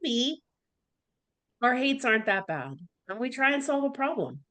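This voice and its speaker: A woman's voice: sits high, sing-song, moderate pace, fairly bright tone. A Canadian woman co-hosting a podcast, dry and sarcastic in casual chat. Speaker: podcast co-host.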